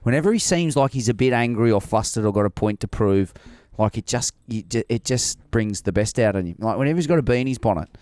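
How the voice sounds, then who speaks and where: A man's voice: on the low side, fast talker, dry recording. An Australian man, a former cricketer, chatting animatedly and laughing as he tells stories. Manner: animated storyteller, laughs often. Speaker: cricket podcast guest, former player. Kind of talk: casual chat.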